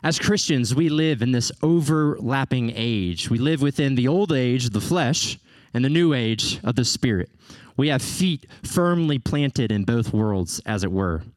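Male pastor, animated sermon delivery with playful asides, mid-pitched voice, dry close-miked sound. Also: unhurried, dry recording. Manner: animated, playful asides, rising to emphatic peaks.

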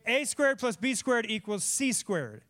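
A man preaching with earnest, emphatic drive, his voice sitting high for a man. He is a middle-aged pastor giving a church sermon, often repeating a line to press it home. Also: sing-song, unhurried, fairly bright tone. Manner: earnest, emphatic, laughs at times, repeats lines for stress. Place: church sanctuary.

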